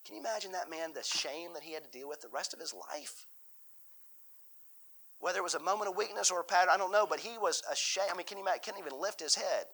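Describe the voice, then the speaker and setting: Man, Bible teacher, conversational sermon, bright tone, folksy, restarts sentences. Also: sits high, fast talker, vocal fry, low-quality recording.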